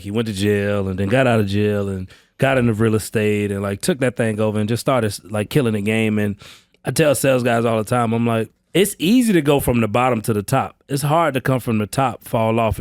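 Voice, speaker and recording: Podcast guest, male, streetwise sales trainer, lively quotes, dry sound. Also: no echo. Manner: animated, slangy, acts out quotes with high pitch jumps. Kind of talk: casual podcast storytelling. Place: indoor training space, live session.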